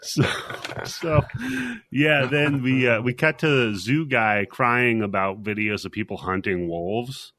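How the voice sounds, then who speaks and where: A man's voice: mid-range voice, unhurried, fairly bright tone. A man co-hosting a movie podcast, teasing his co-hosts in casual, profane banter. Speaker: podcast co-host.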